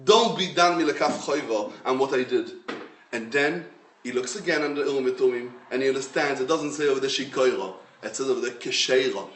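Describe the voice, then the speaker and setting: A man, a rabbi giving a Torah lecture in English, his language being Hebrew, with an emphatic, animated storytelling manner. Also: medium pitch, a little fast, slight background noise. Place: lecture room. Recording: roomy echo, mic at a distance.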